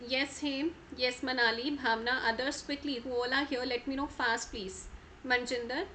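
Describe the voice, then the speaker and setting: A woman's voice: high voice, fairly even intonation, normal speed, sharp tone, a little hiss or hum. A woman with an Indian English accent teaching an online exam-prep class, calling on students by name and slipping into Hindi. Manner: repetitive, checks in with students by name; switches into Hindi mid-sentence. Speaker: IELTS trainer.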